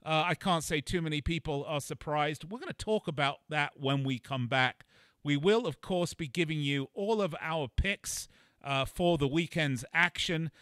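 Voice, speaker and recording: A man hosting a sports betting radio show, upbeat and boastful, with a salesy pitch. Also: normal speed, fairly bright tone, no room sound, clean studio sound.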